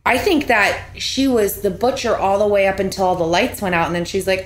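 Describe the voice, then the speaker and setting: A woman's voice: mid-range voice, fairly even intonation, brisk. Effusive woman podcaster in an echoey room. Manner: effusive, heavy use of "like". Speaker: podcast co-host. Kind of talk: casual TV recap chat.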